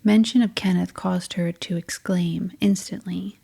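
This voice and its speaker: A woman reads a nineteenth-century novel aloud as an audiobook narrator. Her delivery is soft and hushed. Her voice is mellow and somewhat dark. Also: lowish voice, steady tone, unhurried, gravelly, husky. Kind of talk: scripted narration.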